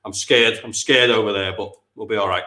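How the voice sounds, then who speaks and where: A man's voice: fairly low pitch, fairly even intonation, fairly quick, pushed and bright, roomy sound. A man with an English accent chatting casually while playing a tabletop wargame. He rambles, corrects himself as he goes, and laughs easily. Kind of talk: casual chat during a game.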